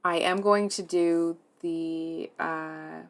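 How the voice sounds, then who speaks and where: A woman with a low, soft voice walks her viewers through a tarot reading. She speaks hesitantly, circling back and filling pauses as she searches for words. Her tone stays earnest and deeply moved. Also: fairly even intonation. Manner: soft, hesitant, many fillers and restarts. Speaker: tarot reader.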